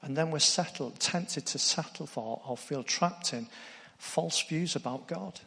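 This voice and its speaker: A man's voice: a little high, measured pace, vocal fry, bright, forceful tone, in a large hall. A man preaching a sermon, earnest, putting direct questions to his congregation.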